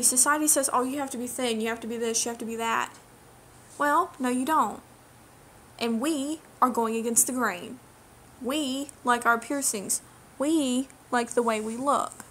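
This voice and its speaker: A young woman with a fairly high voice vents straight into her camera, indignant and lecturing. She hammers her points home by repeating them. A faint hiss of room noise sits under her voice. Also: a bit bright. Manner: indignant, emphatic, lecturing, repeats key phrases. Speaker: vlogger. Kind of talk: direct-to-camera rant.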